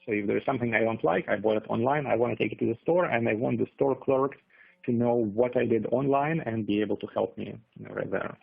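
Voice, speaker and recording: A man presenting a business webinar, speaking in a halting way with many fillers. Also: mid-range voice, vocal fry, slightly rough, no room sound. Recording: tinny phone-like audio.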